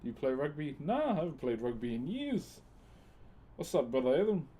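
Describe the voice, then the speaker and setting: A man's voice: fairly high pitch, sing-song, normal speed, warm tone, husky. A man chatting casually on a live stream, thanking viewers by name and using Maori words. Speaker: live streamer and wood carver.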